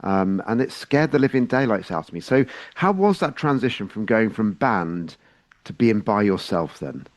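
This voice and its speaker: A man's voice: fairly low pitch, expressive, moderate pace, no room sound. A man from England hosting a radio interview, friendly and chatty. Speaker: radio show host.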